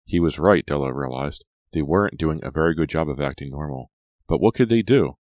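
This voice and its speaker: A man reading a storybook aloud in a steady, even way, his voice very deep. The sound is close and dry, with no room around it. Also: fairly quick, no echo. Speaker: audiobook narrator. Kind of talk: scripted narration.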